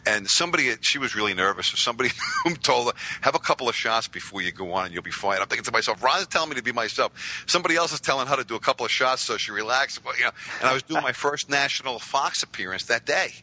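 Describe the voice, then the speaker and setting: A man, telling stories as a podcast guest with lively voiced quotes. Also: medium pitch, fast talker, low-quality recording. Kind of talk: casual storytelling.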